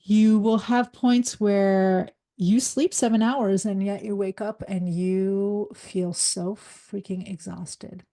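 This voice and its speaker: A middle-aged former psychologist turned leadership coach gives a live workshop talk. Her medium-pitched voice is gravelly, and she speaks fast, directly and energetically.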